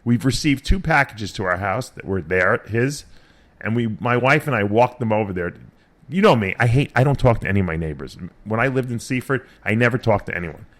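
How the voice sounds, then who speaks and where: A man's voice: medium pitch, lively intonation, a little fast, fairly bright tone. A middle-aged man hosting a radio show, telling rambling stories in casual, profane chat.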